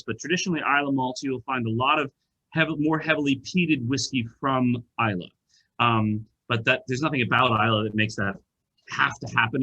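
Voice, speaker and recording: A man co-hosting a whiskey tasting over a video call, chatting in an animated way with frequent restarts. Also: mid-range voice, highs cut off. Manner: animated, self-interrupting, lots of restarts. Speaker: wine shop co-host.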